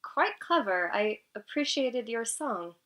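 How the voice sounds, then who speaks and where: A composed male deity of earth and air, voiced by a woman running a tabletop game. He speaks in a measured, courteous way with a hint of amusement. The tone is bright. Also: fairly high pitch, animated, full character voice. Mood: amused.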